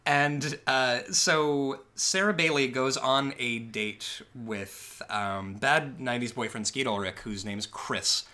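Podcast co-host, casual movie recap, wry asides, bright tone, mid pitch. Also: slow, hardly any pauses. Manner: chatty, wry, full of asides and fillers.

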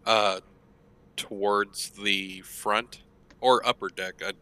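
A male tabletop player who describes his character slowly and hesitantly, pausing on fillers. His voice is low-ish and very bright, with a sharp edge. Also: steady tone, clear, resonant tone. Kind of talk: casual tabletop play.

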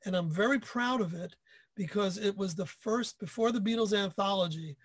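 A man's voice: high voice, normal speed, no room sound. A man hosting a casual chat, telling his own stories with enthusiastic self-deprecation. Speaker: podcast host.

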